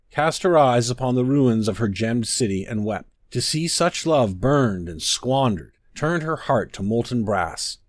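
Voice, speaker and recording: A man's voice: mid-range voice, darkish tone, no room sound, studio quality. A man giving a solemn, declamatory scripted reading of an old sermon. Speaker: narrator.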